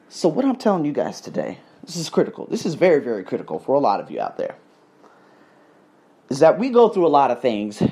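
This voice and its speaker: Guy doing a motivational podcast rant, rambly, cusses a lot, super expressive pitch. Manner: rambling, animated, swears freely, addresses listeners as guys. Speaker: podcast host. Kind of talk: motivational monologue, casual storytelling.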